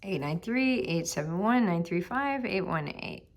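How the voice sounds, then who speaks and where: A woman with a lowish, expressive voice teaches a recorded statistics lesson at an unhurried pace. Chatty and upbeat with students, she talks herself through each step, reading numbers aloud and murmuring some under her breath.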